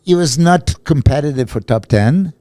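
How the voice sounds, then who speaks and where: A man co-hosting a casual podcast chat as a bodybuilding coach, talking haltingly with many restarts and fillers. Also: fairly high pitch, lively intonation, warm tone, no echo, clean studio sound.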